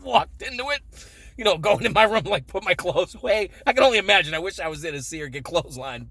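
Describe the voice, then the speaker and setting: For a casual storytelling vlog, a man in his forties tells crude childhood stories, swearing and chuckling often. His voice sits high, sing-song and sharp, he talks fast, and there's no room sound.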